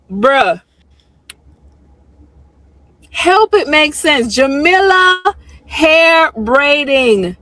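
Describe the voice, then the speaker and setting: Indignant high-voiced woman telling a story. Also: fairly bright tone, no room sound, low-quality recording. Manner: indignant, acts out both sides of the exchange. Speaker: storyteller recounting a salon visit. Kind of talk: animated storytelling to viewers.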